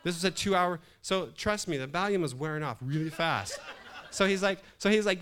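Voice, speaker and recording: A man's voice: high voice, normal speed, few pauses. A middle-aged man, a pastor, telling a funny story from the pulpit with frequent laughs. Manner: laughing often, animated storyteller. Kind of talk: humorous sermon storytelling.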